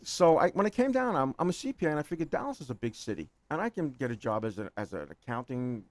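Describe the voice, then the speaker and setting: A talkative man in his sixties with a New York accent, racing through his stories at a quick clip. He rambles, laughs often and trips over repeated words. The sound is dry and close, with no room around it. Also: medium pitch, sing-song, no room sound. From New York City. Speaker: guest. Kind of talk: casual chat.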